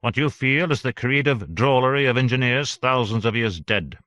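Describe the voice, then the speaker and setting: A man's voice: medium pitch, normal speed, no room sound, voice pushed up, close to an everyday voice. A man doing an oily, scheming male official. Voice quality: oily, swings to shouting. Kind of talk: audiobook character voice.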